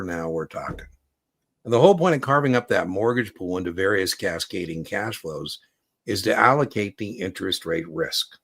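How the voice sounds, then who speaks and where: A man hosting a casual livestream Q&A as an exam prep coach, chatty and animated, telling stories. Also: low-pitched, creaky, slightly rough.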